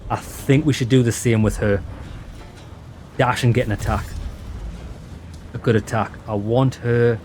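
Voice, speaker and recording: A man giving excited, chatty commentary on a game he is playing, talking to viewers as lads. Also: mid-range voice, a little slow, long pauses, slight background noise. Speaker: let's play host. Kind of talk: casual gameplay commentary.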